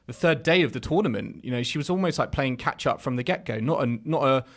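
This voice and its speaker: A man's voice: mid-range voice, animated, quick pace. A man hosts a podcast in easy, casual chat, asking questions and teasing his co-hosts. His voice sits in an ordinary middle range. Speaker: podcast host.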